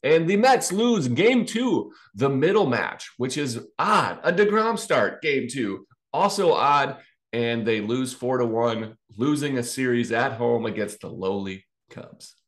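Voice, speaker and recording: A man's voice: medium pitch, animated, unhurried. A man co-hosting a casual sports podcast, recapping a baseball game with stats and fillers. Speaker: podcast co-host.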